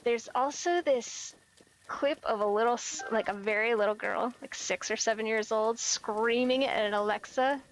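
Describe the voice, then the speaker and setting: A woman's voice: on the high side, normal speed, slight background noise, poor audio. A young woman chatting casually while streaming a game, giggly and self-deprecating. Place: home, lives in California.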